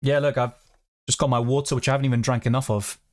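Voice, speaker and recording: A man's voice: mid-range voice, little pitch movement, fast. A man talks casually on a home live stream. He chats loosely and swears freely while reading out viewer comments. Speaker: fantasy football streamer.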